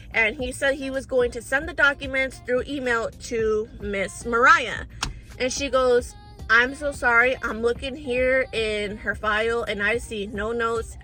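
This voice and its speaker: A woman's voice: fairly high pitch, pushed and bright. A young woman telling a storytime vlog to her viewers, chatty and exasperated, calling them y'all and girl. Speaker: storytime vlogger.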